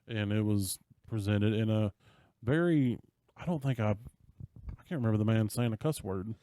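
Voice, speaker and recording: A man co-hosting a podcast in casual chat, relaxed and reflective. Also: lowish voice, normal speed. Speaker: podcast co-host.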